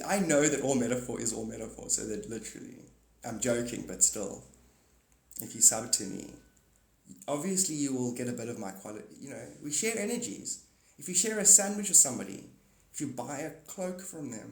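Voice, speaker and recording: A man's voice: mid-range voice, expressive, brisk, gravelly, roomy sound, poor audio. A man streaming live, chatting in a rambling, joking and cynical way, sometimes acting out little voices.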